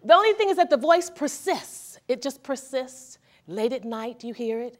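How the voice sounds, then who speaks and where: A woman's voice: high voice, lively intonation, moderate pace, few pauses. Woman speaker coaxing a live audience. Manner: conversational, asks the audience questions. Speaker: therapist and speaker. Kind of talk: motivational talk to a live audience. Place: seminar room with an audience.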